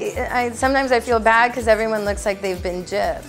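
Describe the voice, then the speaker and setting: Bubbly, laughing actress over music. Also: female voice, fairly high pitch, normal speed. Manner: bubbly, laughs often, playful asides. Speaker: actress interviewee. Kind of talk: casual interview answers. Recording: music playing behind.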